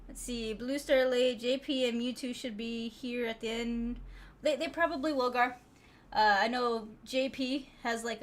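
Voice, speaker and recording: Laid-back streamer woman, slightly high voice. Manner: laid-back, chatty, laughs often, trails off with fillers. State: a little out of breath. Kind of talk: casual chat with live chat viewers.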